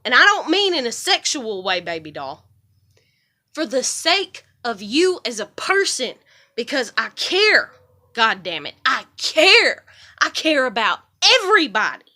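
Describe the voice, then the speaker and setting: A woman's voice: high-pitched, bright, forceful tone. A woman vlogger in a heated monologue to the camera, confrontational, swearing heavily and raising her voice as she talks.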